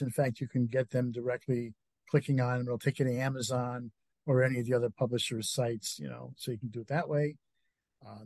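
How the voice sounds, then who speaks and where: A man's voice: medium pitch, a little mellow, no echo. A middle-aged man with a Northeastern US accent, a guest author chatting casually in an interview, with many fillers and easy laughs. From Connecticut.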